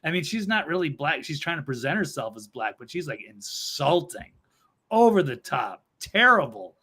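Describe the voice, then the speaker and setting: A man's voice: fairly high pitch, sing-song, moderate pace, bright, forceful tone, husky. A man co-hosting a talk show, giving blunt, opinionated takes in casual chat. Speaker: co-host.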